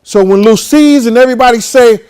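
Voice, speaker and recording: A man's voice: very high-pitched, brisk, a little mellow, clear, resonant tone. A man hosting a show who tells a story casually and with animation. He swears often and acts out the voices of the people in it. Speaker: host.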